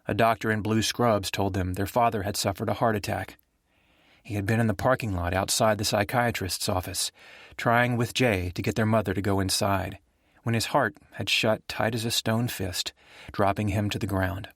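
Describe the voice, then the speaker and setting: A man reading a suspense novel aloud as an audiobook narrator, in a steady, even storytelling manner. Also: fairly low pitch, moderate pace, no echo, studio quality.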